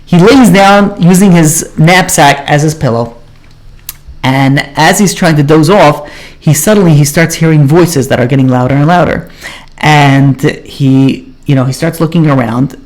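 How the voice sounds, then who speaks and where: A man's voice: on the high side, moderate pace. A man who is a rabbi, telling a story in a sermon, speaking casually with many fillers like "you know" and "like".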